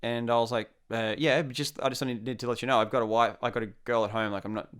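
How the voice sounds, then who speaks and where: A young man with an Australian accent tells a story in a relaxed, chatty way. His voice is smooth and resonant, and he slips into the other people's voices as he acts out what they said. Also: mid-range voice, quick pace. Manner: animated, acts out quotes. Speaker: storyteller guest. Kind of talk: casual anecdote.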